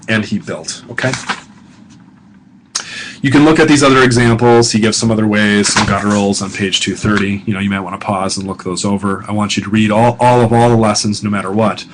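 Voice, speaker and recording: A man giving a recorded grammar lecture as a professor, patient and chatty, slowing down to sound out foreign words carefully. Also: medium pitch, fairly bright tone, slight background noise, rough recording.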